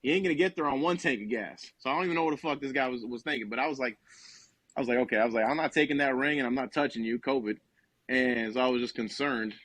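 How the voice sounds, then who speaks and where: A man's voice: mid-range voice, fast talker, a bit bright, dry recording. A young man from New Jersey, a podcast co-host, telling a rambling, profane comic story with lots of quoted dialogue. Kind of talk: casual comedic storytelling.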